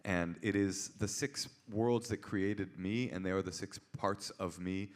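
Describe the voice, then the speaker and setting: A man in his forties, a comedian and author, telling stories on stage with an animated, punchy delivery. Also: low voice, unhurried. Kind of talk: live on-stage storytelling. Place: auditorium stage before an audience.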